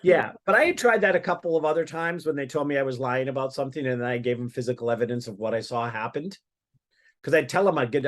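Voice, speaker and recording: Podcast guest, man, chatty storyteller, trips over his words. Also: mid-range voice. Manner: rambling, many restarts and fillers. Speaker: guest psychic medium. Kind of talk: casual storytelling.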